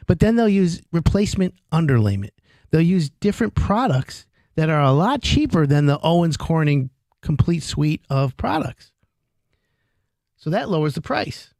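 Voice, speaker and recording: A man who runs a roofing company, giving an animated sales pitch in folksy talk and acting out conversations with homeowners. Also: no room sound, clean studio sound. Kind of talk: direct-to-camera sales pitch.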